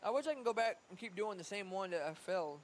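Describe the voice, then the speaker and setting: Over slight background noise, a man speaks fast in a high voice with lively intonation. He's casually streaming his language-app practice, repeatedly sounding out foreign words under his breath, quick to get frustrated and put himself down.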